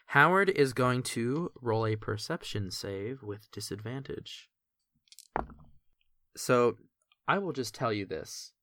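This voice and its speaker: A man's voice: mid-range voice, animated, slow pace, long pauses, sharp tone, no room sound. A man narrating as game master in a tabletop game, in a casual rambling way.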